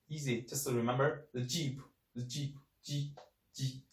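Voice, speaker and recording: A man whose first language is Chinese, teaching a language lesson slowly and repeating each sound many times. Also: mid-range voice, steady tone. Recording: echoey room, mic at a distance.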